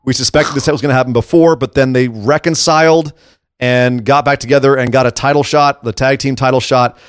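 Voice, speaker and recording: A man in a casual co-hosted chat, animated and quick to act out the lines people said as he retells them. His voice sits at an ordinary middle pitch. The sound is dry and close, with no room echo. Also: smooth. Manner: animated, acts out quotes while retelling. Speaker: podcast co-host. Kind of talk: casual chat recapping wrestling.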